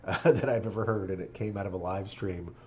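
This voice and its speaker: A man's voice: low voice, steady tone, fairly quick, a little hiss or hum. A man rabbi chatting casually on a live stream while playing a game, earnest and moved, laughing often.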